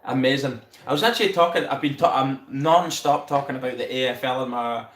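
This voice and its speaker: A man chatting excitedly on a live stream, swearing freely and laughing often. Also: mid-range voice, fairly quick. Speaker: livestream host. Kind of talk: casual live-stream chat. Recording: roomy echo.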